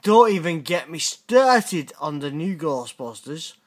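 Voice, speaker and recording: Slow-talking, sweary British man. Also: on the high side, very animated. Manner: blunt, sweary, teasing banter. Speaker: channel host reacting to viewer messages. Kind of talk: casual reaction commentary.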